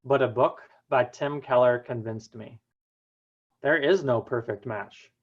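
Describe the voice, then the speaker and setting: A young man giving a prepared personal talk, telling his story earnestly with dramatic pauses. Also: mid-range voice, narrow, tinny audio. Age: young adult. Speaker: student speaker.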